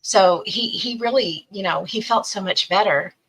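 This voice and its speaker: In a rough recording, a middle-aged podcast guest with a medium-pitched, breathy-edged voice speaks at a normal speed. She tells a personal story with animation, acting out the voices of the people involved.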